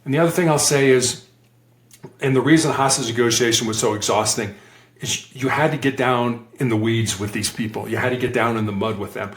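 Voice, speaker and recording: Guest man, animated storyteller who mimics quoted voices, average pitch, roomy echoey sound. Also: fairly quick. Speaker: guest, former hostage negotiator. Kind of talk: conversational interview storytelling.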